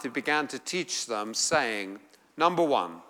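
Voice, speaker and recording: A man with an English accent, from England, teaching a Bible class, reading scripture aloud and explaining it in a deliberate way. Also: mid-range voice, lively intonation, sharp tone, big-room sound.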